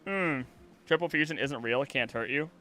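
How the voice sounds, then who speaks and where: A man's voice: medium pitch, fast talker, faint music behind. A man who streams and does voice acting, chatting casually with his viewers and reading their comments aloud in a jokey way. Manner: animated, jokey, reads chat aloud. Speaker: streamer and voice actor. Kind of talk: casual livestream chat.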